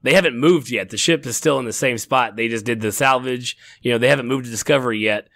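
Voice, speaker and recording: A man's voice: mid-range voice, fast talker, vocal fry, a bit bright, no echo, clean studio sound. A middle-aged man co-hosting a casual TV review chat, rambling with frequent restarts and laughter. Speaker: podcast co-host.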